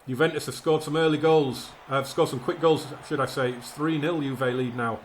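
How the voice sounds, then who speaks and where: Playing a football management game on YouTube, a man narrates the action excitedly like a match commentator and frets aloud about how things turn out. His voice is a little high and his speed is normal, with slight background noise.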